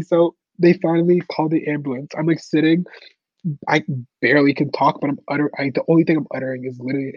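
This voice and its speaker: A man's voice: a little high, flat delivery, fast talker, dry recording, muffled recording. A young man in an interview, telling his life story casually and filling his speech with "like". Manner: casual, heavy use of "like" fillers. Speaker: podcast guest.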